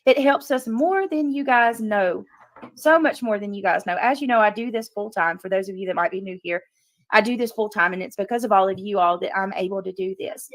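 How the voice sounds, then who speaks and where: A woman's voice: medium pitch, fairly quick, no room sound. A woman hosting a casual livestream, talking earnestly to her chat and repeating her points for emphasis. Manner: talks to chat while reading comments. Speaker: livestream host. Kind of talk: casual live commentary.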